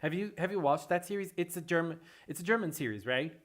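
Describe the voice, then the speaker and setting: A livestream host reads and answers chat excitably while chatting with viewers, often repeating phrases. The stream is casual, and the host speaks quickly at a medium pitch.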